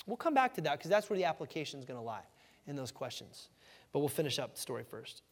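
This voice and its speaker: A man preaching a sermon in a lively, conversational way, acting out the voices in the story with sudden shouts. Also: a little high, fast talker. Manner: animated, conversational, acts out quoted voices with shouts. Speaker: pastor. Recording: hall reverb.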